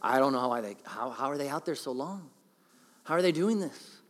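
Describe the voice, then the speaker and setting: A man's voice: mid-range voice, lively intonation, moderate pace, long reverb tail. A man in his thirties, a pastor, preaching a conversational, self-deprecating sermon and acting out quotes.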